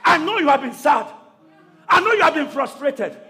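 A man preaching a shouted call-and-response sermon to a congregation, pausing for replies and breaking into tongues. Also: extremely high pitch, very animated, some chatter behind. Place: church service with congregation.

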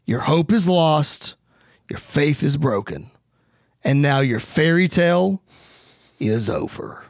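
A man's voice: a little high, lively intonation, normal speed, no echo, clean studio sound, pitched below the performer's own voice. A man voicing a cold male wrestling champion who speaks in threatening tones. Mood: menacing.

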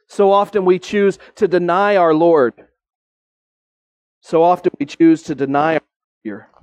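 A man with a high voice preaches with earnest conviction, lifting his pitch on the points he wants to land and slowing right down to stress them. The sound is close and dry, with no room around it. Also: darkish tone, no echo. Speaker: pastor. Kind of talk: sermon.

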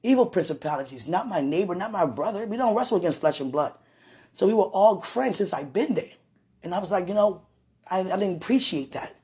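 A woman on her podcast, telling a personal story straight to her partner in a lively way, acting out what people said and often speaking of God. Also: lowish voice, a little fast, slightly rough. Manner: animated retelling that acts out quoted voices; religious, speaks of God and the Holy Spirit. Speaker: podcast host. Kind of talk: casual storytelling addressed to a partner.

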